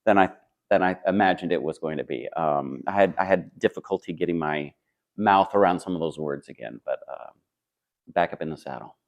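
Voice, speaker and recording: A man's voice: sits low, fairly quick, creaky. A man who acts on stage, answering interview questions in a friendly, thoughtful way with a clip-on microphone. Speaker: stage actor.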